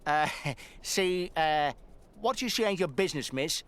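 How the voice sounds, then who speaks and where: A man's voice: on the high side, expressive, a little slow, a bit bright, clean tone. An actor playing a crude, leering male thug in a video game, sneering and mocking with frequent chuckles.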